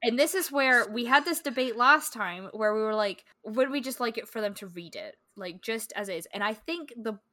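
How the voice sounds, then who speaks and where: A woman co-hosting a podcast, chatting casually about books in a rambling, animated way full of fillers. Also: on the high side, normal speed, few pauses, no room sound, studio quality. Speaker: podcast co-host. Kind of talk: casual book-club chat.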